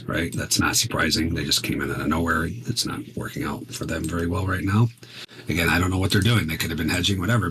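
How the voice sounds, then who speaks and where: A man's voice: sits low, fairly bright tone, a little hiss or hum. A man teaching futures trading while he trades live, talking casually and emphatically, often checking in with "right?". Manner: conversational, emphatic, repeats "right?".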